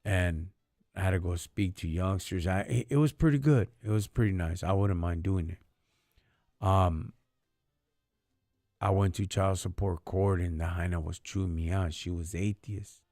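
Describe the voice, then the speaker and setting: A man on a live stream shares stories casually, using street slang like "dog" and "homie" while keeping things earnest and centered on faith. His low voice is a little mellow and a little slow, captured at studio quality with no room sound.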